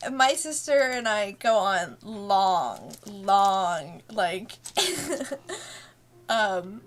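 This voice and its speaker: Laughing often between her thoughts, a woman who makes webcomics rambles through a casual director's commentary stream. She has a slightly bright, mid-range voice.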